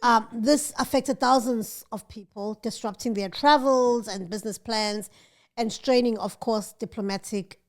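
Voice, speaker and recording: A woman co-hosting a casual chat podcast, animated and chatty, laughing often and mimicking others. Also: fairly high pitch, unhurried. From South Africa. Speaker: podcast co-host.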